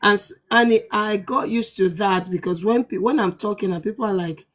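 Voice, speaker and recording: A woman with a Nigerian accent hosting a live stream, chatting lively, laughing and acting out voices in her stories. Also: medium pitch, brisk. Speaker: host of live talk show. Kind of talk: live-stream chat, storytelling.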